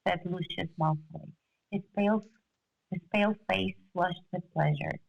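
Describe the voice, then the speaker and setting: Brief: female podcast co-host, low-pitched and slightly dull-sounding, relaxed read-aloud. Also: measured pace, vocal fry. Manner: casual reading with laughs and self-corrections. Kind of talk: reading a novel aloud.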